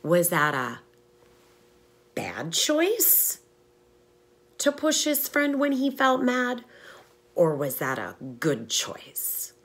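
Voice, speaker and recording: A woman teaching young children through short stories, asking them questions and pausing for their answers. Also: lowish voice, wildly swooping pitch, fairly bright tone, husky. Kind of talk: storytelling lesson for young children.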